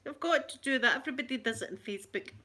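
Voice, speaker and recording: Chatty Glaswegian woman, bright voice. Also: sits high, expressive, racing. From Scotland. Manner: chatty, repeats phrases, laughs often. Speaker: ASMR livestream host. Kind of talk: casual chat with viewers.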